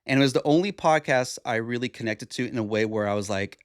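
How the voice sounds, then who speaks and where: A man's voice: medium pitch, normal speed, no echo, studio quality. A tired, groggy young man hosting a solo podcast, talking in a rambling, reflective way with restarts. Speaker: podcast host. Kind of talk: casual solo podcast monologue.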